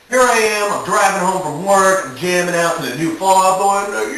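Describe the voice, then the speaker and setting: A young man vlogging, telling a comic story in an excitable way and acting out his own panicked reactions. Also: high-pitched, fairly quick, hardly any pauses, very echoey, recorded from a distance, slight background noise, poor audio. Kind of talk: animated storytelling monologue.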